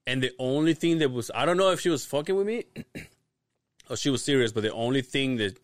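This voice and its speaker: A man's voice: medium pitch, lively intonation, a little fast, dry recording, clean studio sound. A young man telling a funny story on a podcast, laughing often and swearing casually. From Latin America. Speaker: podcast host.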